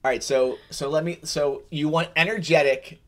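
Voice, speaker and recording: A man's voice: a little high, steady tone, normal speed, a bit bright. A man co-hosting a chat show about tabletop games, talking casually and teasing his co-host. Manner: rambling, teasing, many restarts. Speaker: podcast co-host.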